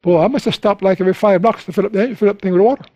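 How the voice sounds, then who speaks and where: High-voiced preacher, dry sound. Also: male voice, racing, warm tone, no echo. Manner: storytelling preacher, rising to high emphatic peaks. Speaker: pastor. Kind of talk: sermon.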